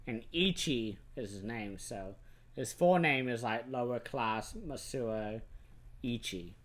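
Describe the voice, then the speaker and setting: A man hosting a relaxed film chat at a medium pitch. He retells scenes with animated energy and slips into quick character voices as he goes. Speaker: host. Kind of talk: casual film review chat.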